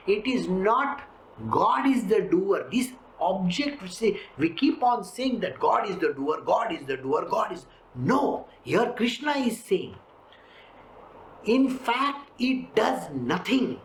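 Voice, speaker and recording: A spiritual teacher giving an emphatic scripture lecture, full of rhetorical questions and lively storytelling. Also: mid-range voice. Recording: roomy echo, faint background hiss.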